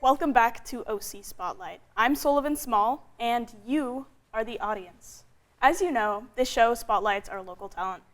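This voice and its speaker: A young woman with a somewhat high voice hosts a student talk show in a college studio. She reads her guest's introduction from a prepared script. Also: normal speed, soft background music. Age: young adult.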